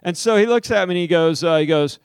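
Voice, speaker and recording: American male preacher, emphatic sermon delivery, fairly high voice, dry close sound. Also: smooth, no echo. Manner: emphatic, with sudden high swings and drawn-out stressed words.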